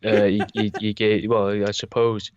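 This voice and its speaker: A man's voice: lowish voice, flat delivery, normal speed, dry recording, lo-fi sound. A young adult man, a podcast co-host animatedly telling a story with plenty of swearing. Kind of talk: casual chat.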